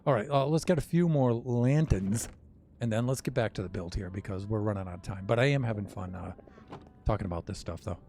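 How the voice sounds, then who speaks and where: A man's voice: lowish voice, fairly quick, gravelly, dark tone, a little hiss or hum. An older man streaming a game, chatting in a rambling, wry way with self-mocking asides. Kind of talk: casual gameplay chat.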